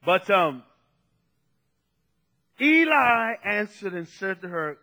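High-voiced emphatic preacher man. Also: big pitch swings, slow pace. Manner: emphatic, repeats "listen" and "come on", swings from soft to shouting. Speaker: pastor. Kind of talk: sermon.

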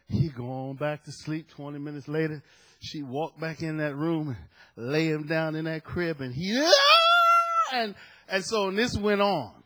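A middle-aged man preaching from the pulpit, his voice high and bright with a husky edge. He tells a family story in hushed tones, then rises into loud shouted points. He acts out each person in the story with their own voice. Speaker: pastor. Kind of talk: sermon with storytelling.

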